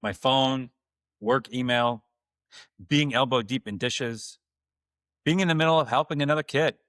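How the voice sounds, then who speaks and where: A man hosting his own podcast, delivering a calm, earnest, scripted monologue to fathers. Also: mid-range voice, unhurried, no echo, studio quality. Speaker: podcast host.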